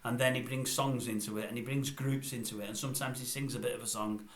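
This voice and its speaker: An older man rants through a blunt, grumbling review in a mid-pitched voice, repeating his complaints. He is recorded in a room that gives his voice a noticeable echo. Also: fairly even intonation, fast. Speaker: vlogger. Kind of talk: ranting review.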